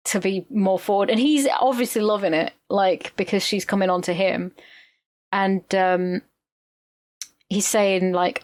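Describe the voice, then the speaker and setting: A woman co-hosting a podcast in casual chat, retelling scenes animatedly and swearing freely. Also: medium pitch. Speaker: podcast co-host.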